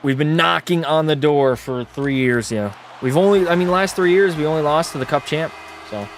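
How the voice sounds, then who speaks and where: A man's voice: fairly high pitch, normal speed, a little hiss or hum. A man hosting a livestream watch party, giving casual commentary and joking, swearing, and bantering with his chat. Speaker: livestream host.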